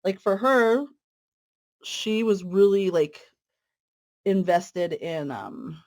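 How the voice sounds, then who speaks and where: A woman's voice: medium pitch, lively intonation, extremely slow, darkish tone. A woman hosting a casual cross-stitch video, chatting in a friendly, rambling way with fillers while she stitches. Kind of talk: casual stitch-along chat.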